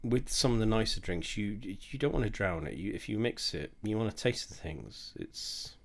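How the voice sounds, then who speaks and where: Tipsy rambling man with a low voice. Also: lively intonation, moderate pace, creaky. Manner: rambling, sweary, self-mocking. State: drunk. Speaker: host of a drinks tasting video. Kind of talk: casual tipsy tasting monologue.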